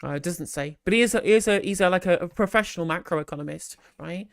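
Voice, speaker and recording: A live stream host in casual commentary, rambling and animated, with frequent restarts and sarcastic asides, on a close microphone. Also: medium pitch, quick pace, vocal fry, dry recording.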